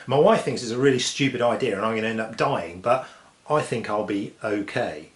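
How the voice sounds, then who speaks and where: A man telling science jokes in a lively way, dropping punchlines deadpan. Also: on the low side, brisk. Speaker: host. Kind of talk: comic joke telling. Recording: echoey room with faint noise.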